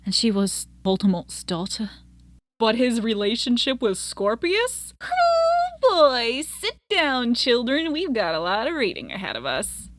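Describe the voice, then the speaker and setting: A woman reviewer retelling a play with animated storytelling and her own commentary. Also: a little high, normal speed, no room sound. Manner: animated storytelling, acts out scenes. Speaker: book reviewer.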